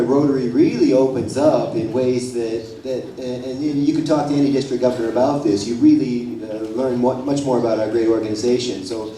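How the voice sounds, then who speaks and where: A man's voice: mid-range voice, dark tone, distant mic, slight background noise. Chatty man storytelling in an echoey hall. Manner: chatty, storytelling, many restarts. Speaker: panelist, Rotary district governor. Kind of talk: conference panel answer. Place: large conference hall.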